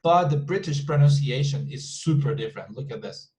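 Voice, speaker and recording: A man's voice: medium pitch, lively intonation, dark tone, poor audio. Casual man teaching online English class. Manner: casual, repeats words slowly to model pronunciation.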